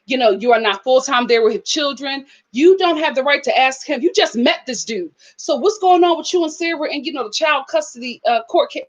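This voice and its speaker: A woman hosting a casual live review of a reality show, animated, slangy and outspoken. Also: sits high, a little fast, poor audio. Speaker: reality TV reviewer and channel host.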